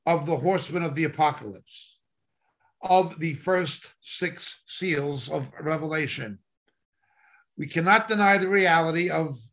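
A male Bible teacher preaching in an emphatic, repetitive style, his voice bright and forceful. He speaks slowly and deliberately, leaning on each phrase. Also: fairly high pitch. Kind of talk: sermon teaching.

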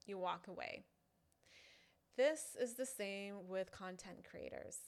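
Woman, online content creator, casual talk to fans, halting, lots of fillers, mid pitch. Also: darkish tone. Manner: chatty, halting, full of "you know" fillers. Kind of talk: casual direct-to-camera talk.

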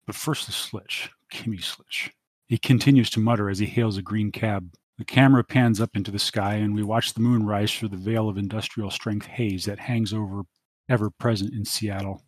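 A man narrating a tabletop role-playing game as game master, in a steady storytelling manner. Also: fairly low pitch, fairly quick, dry recording.

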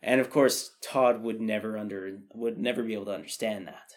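A man's voice: lowish voice, steady tone, fairly quick. A man co-hosting a podcast, explaining his views at length in casual chat, thoughtful with frequent restarts. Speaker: podcast co-host.

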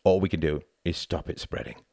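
A man voicing a grim fireman who speaks in a low, flat voice in an audiobook. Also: fairly quick, gravelly, no room sound, studio quality.

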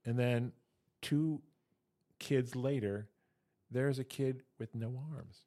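A man's voice: medium pitch, slow pace, mellow. A man co-hosting a comedy podcast, chatting casually and telling dad jokes and long joke stories. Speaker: podcast co-host.

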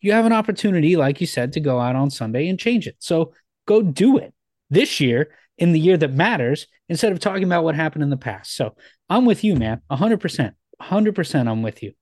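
A man co-hosting a sports podcast, talking casually and agreeing, with some halting restarts. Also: fairly high pitch, animated, darkish tone, no echo, clean studio sound. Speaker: podcast co-host.

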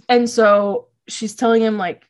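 A woman casually recapping episodes of a show, emotional and gushing, laughing often and saying "like" a lot. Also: fairly high pitch.

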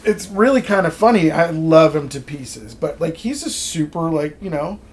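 A man with a notably high voice chats casually, laughing often and filling his sentences with "like" and "you know." There is a faint hiss of background noise behind him. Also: lively intonation, normal speed. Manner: laughs often, many likes and you knows. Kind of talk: casual chat.

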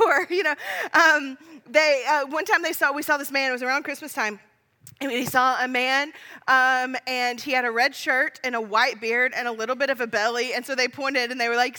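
High bright woman preaching, chatty. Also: normal speed, long reverb tail. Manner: chatty and self-deprecating, laughing through stories. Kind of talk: sermon with personal stories.

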